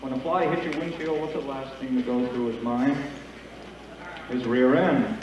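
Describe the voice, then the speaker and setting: A man emceeing a school talent show, telling a long joke in a drawn-out, deadpan way. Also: medium pitch, far from the mic, background noise. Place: school auditorium. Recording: echoey hall taped from afar.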